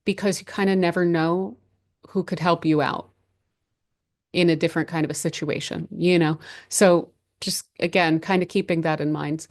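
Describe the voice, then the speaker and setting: A woman with a slightly low voice talks through a monthly horoscope off the cuff. She restarts her phrases often and drifts into "like" and "you know" as she offers gentle advice. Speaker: astrology channel host. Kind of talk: casual unscripted monthly horoscope reading.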